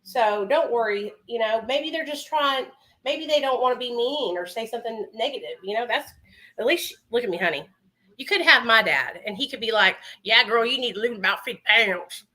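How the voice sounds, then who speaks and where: A woman's voice: on the high side, expressive, normal speed, pushed and bright. A woman chatting casually with her livestream viewers from home while doing her makeup, calling them honey and baby. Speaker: livestream host.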